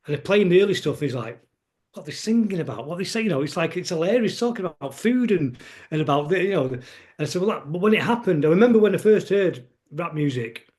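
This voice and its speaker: A middle-aged man with a Manchester accent chats as a guest on a podcast. He speaks quickly in a slightly high voice, wandering from story to story and often stopping to restart a thought. His talk is loose and conversational. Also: lively intonation, darkish tone. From England. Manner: rambling, anecdotal, restarts often. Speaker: guest musician. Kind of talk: casual conversation.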